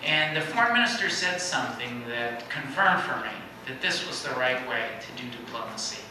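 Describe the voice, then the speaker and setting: A man's voice: medium pitch, expressive, moderate pace. A middle-aged man giving a storytelling talk at a synagogue, acting out quoted voices with animation. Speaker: guest speaker. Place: synagogue hall. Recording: echoey hall, distant mic, faint noise.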